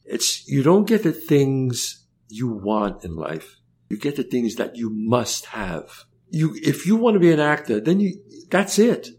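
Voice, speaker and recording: A man's voice: medium pitch, unhurried. An older man telling stories in a conversational interview, acting out the dialogue as he goes and often repeating words. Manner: animated storyteller, acts out dialogue, repeats words. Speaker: guest.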